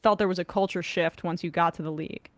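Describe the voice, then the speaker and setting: A woman hosting an interview, asking questions with halting, searching phrasing full of restarts. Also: on the low side, steady tone, dry recording. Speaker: show host. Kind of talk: casual conversational interview.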